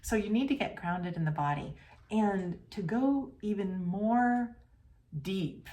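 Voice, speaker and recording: A woman hosting a podcast, talking earnestly and casually about feelings, sometimes dropping into a soft whisper. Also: medium pitch, slow pace. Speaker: podcast host and coach. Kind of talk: reflective podcast monologue. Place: home.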